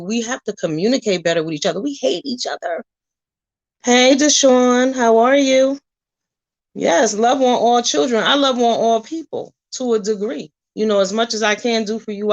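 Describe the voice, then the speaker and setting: A woman vlogger ranting at the camera in a blunt, profane way, firing off rhetorical questions and telling animated stories. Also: medium pitch, rough recording. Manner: animated storytelling, drifting between loud and soft. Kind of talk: casual straight-to-camera rant.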